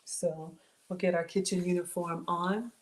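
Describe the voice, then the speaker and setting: A woman's voice: on the low side, steady tone, normal speed. Chatty woman cooking live in her kitchen. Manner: chatty, thanks viewers warmly by name; says y'all often. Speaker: cooking livestream host. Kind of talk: casual livestream chat reading comments. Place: home kitchen. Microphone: camera.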